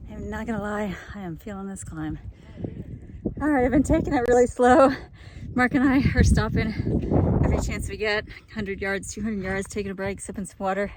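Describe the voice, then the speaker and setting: A woman narrates her hike in a cheerful, chatty way, laughing often as she talks. She records outdoors on a mountain trail with a handheld camera, and faint noise sits behind her voice. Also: mid-range voice. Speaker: hiking vlogger. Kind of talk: casual vlog narration while hiking.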